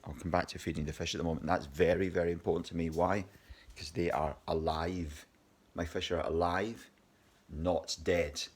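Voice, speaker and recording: A man's voice: sits low, steady tone, normal speed, husky. A Scottish man in his fifties, exhausted, rambling and swearing angrily in a personal video diary. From Scotland. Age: 50s. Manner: agitated, rambling, heavy swearing. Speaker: video diarist.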